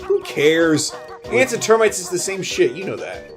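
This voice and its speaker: Rambling joking man, lively pitch. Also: moderate pace. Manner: rambling, joking, swears freely. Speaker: let's play co-host. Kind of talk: casual gameplay commentary. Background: game music.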